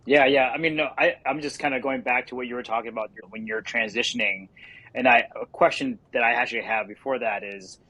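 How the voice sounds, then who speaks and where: A man's voice: medium pitch, fairly even intonation, fairly quick, sharp tone, husky, dry recording, rough recording. A man co-hosting a podcast, asking long questions with hesitant restarts. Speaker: podcast co-host. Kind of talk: casual podcast chat.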